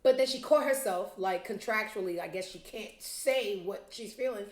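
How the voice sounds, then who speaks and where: A woman's voice: mid-range voice, normal speed, hardly any pauses. Blunt, sarcastic woman host in an echoey room. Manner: blunt, profane and sarcastic, talks straight to viewers. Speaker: show host. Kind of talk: casual commentary vlog.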